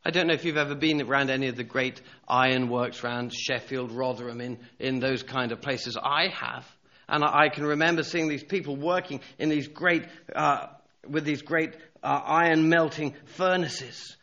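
Gravelly, bright-voiced male preacher. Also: mid-range voice, normal speed. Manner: dramatic storytelling, swings from loud urgency to hushed tones. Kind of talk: sermon. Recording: dull lo-fi recording.

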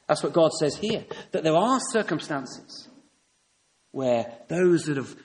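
A man's voice: fairly high pitch, animated, takes it slowly. A man preaching a sermon, emphatic and fond of rhetorical tag questions. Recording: long reverb in a hall.

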